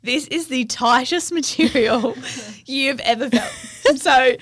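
A woman's voice: high-pitched, slow pace, a bit bright. A young Australian woman co-hosting a podcast, telling a story animatedly and laughing often. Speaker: podcast co-host. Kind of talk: casual chat.

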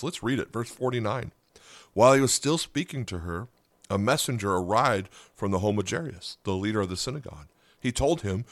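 A man gives a relaxed, conversational sermon for a podcast, often turning to the listeners with quick questions. His voice sits at an ordinary middle pitch. The sound is close and dry, with no room around it. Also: dry recording. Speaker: pastor.

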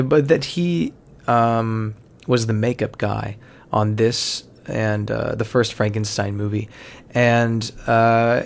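Gravelly man rambling through movie commentary. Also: medium pitch. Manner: rambling, self-correcting, swears casually. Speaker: film commentator. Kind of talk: casual watch-along movie commentary.

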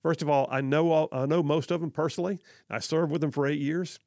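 Casting: middle-aged Southern man, radio talk host, gravelly, dry close studio mic, chatty and quick to laugh. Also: on the high side, steady tone, dark tone, dry recording. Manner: chatty, self-deprecating, laughs often. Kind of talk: casual call-in radio talk. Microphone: studio microphone.

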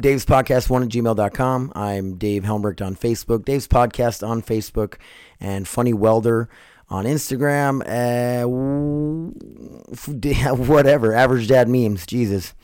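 A man's voice: lowish voice, darkish tone, smooth. A man hosting a casual podcast and chatting with a guest in a martial arts gym. He rambles, swears a lot and uses many fillers and restarts. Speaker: podcast host.

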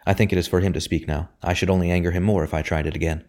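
A man's voice: low voice, steady tone, rapid-fire, a little mellow. A man reading an audiobook voices an earnest, troubled young man speaking steadily.

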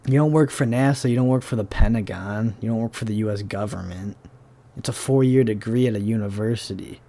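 A man's voice: lowish voice, fairly quick, warm tone. Rambling young man. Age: young adult. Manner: rambling, profane, sarcastic. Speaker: podcast host. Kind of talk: casual solo monologue.

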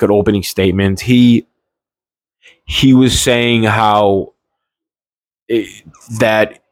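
A man's voice: mid-range voice, dry recording. A man giving a heated, indignant political rant in a casual, rambling way, often restarting his sentences. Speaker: political commentator.

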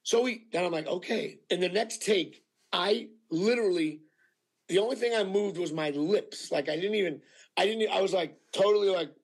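A male actor telling anecdotes in a casual interview, animated and full of fillers, acting out what people said. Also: high-pitched, moderate pace, husky. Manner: animated storyteller with many fillers, acting out quotes. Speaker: actor guest.

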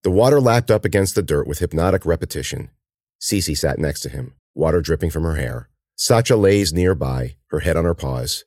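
A man with a very low voice reads a horror story aloud, letting his pitch rise and fall with vivid expression. The narration is measured and dramatic. The recording is close and dry, with no room sound. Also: lively intonation, darkish tone, no room sound. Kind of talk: audiobook reading of a horror story.

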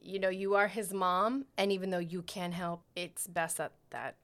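A woman's voice: fairly low pitch, fairly even intonation, moderate pace, a bit bright. A woman hosting a podcast, a mother herself, who gives parenting advice in an emphatic, encouraging way. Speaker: podcast host. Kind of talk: casual chat.

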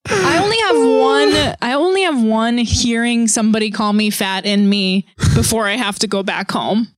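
Casting: high-pitched woman podcast co-host, animated storyteller, dry close sound. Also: no echo. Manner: laughing, fast animated storytelling. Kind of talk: casual chat.

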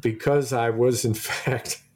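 A man's voice: medium pitch, fairly even intonation, slow. A middle-aged man telling long anecdotes in casual chat, laughing often and restarting his sentences. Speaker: podcast co-host.

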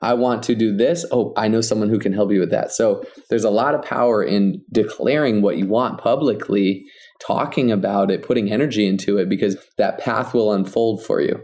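Male podcast co-host, low and warm, casual motivational chat with lots of "like". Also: fairly even intonation, moderate pace. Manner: earnest, coaching tone with many "like" fillers.

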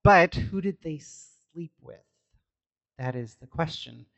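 A man's voice: a little high, takes it slowly, fairly bright tone, dry recording, lo-fi sound. A man co-hosting a podcast, explaining in a hesitant way with many fillers. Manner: hesitant, lots of ums. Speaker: podcast co-host. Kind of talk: casual chat.

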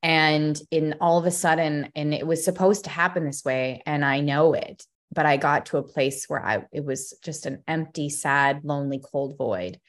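A young woman talking as a podcast guest, expressive and a bit scattered, often restarting her sentences. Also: low-pitched, moderate pace, hardly any pauses. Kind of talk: emotional personal conversation.

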